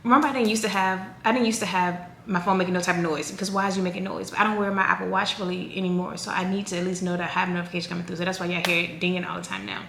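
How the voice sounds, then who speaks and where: A woman's voice: on the low side, very fast, vocal fry, hardly any pauses. Chatty woman in her thirties, echoey room. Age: 30s. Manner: chatty, rambling, animated. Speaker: vlogger. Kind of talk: casual chat to camera. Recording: echoey room with faint noise.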